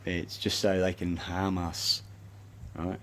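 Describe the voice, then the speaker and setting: A man's voice: deep voice, little pitch movement, takes it slowly, a little hiss or hum. An Australian man delivering a rambling, agitated, swear-laden monologue to the camera. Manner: profane, agitated, rambling ranting. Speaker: self-recorded speaker.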